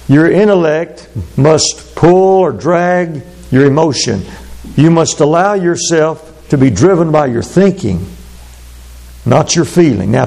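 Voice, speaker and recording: Male pastor, raised-pitch gravelly voice, measured sermon delivery. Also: a little mellow. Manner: measured, drawn-out delivery with sudden fast asides. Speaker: preacher.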